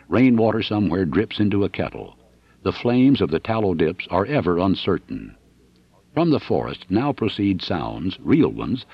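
Deep, husky male audiobook narrator. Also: dry recording, muffled recording. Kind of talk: scripted narration.

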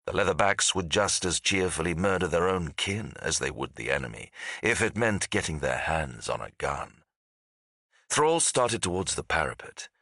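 Narrating a fantasy audiobook, a man uses a very low but bright and forceful voice, measured and dramatic, his pitch shifting expressively within sentences. The recording is dry and close, with no echo.

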